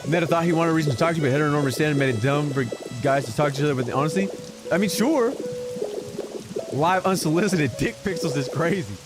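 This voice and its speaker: A man streaming a game and telling a story in casual chat, animated and given to exaggerated repetition. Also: on the high side, fast talker, music in the background. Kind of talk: casual storytelling while gaming.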